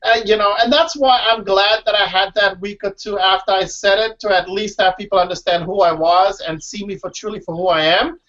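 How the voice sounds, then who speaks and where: A man's voice: sits high, fairly quick, hardly any pauses. Emphatic man, dull lo-fi sound. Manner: emphatic and animated, keeps saying "listen" and "you know what I mean". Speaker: guest, former reality show contestant. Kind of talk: casual interview chat. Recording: dull lo-fi recording.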